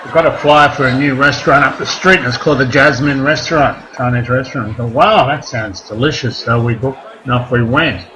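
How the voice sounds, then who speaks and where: A man performing a stand-up comedy set, rambling between deadpan one-liners and crude asides. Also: mid-range voice, a little fast, hardly any pauses. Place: comedy club stage. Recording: live club recording with crowd noise. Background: audience laughter and room noise.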